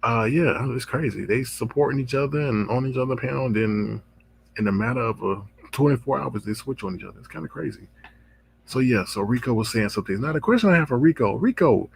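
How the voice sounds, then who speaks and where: A man hosting his own online commentary channel, chatting casually and reacting with drawn-out exclamations. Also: mid-range voice, creaky, a little hiss or hum. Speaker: drama commentary channel host.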